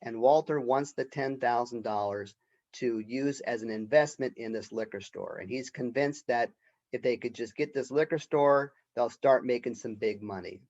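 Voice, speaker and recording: A man's voice: mid-range voice, normal speed, darkish tone, muffled recording. A male college professor giving a recorded literature lecture in a conversational way, often checking in with "right?".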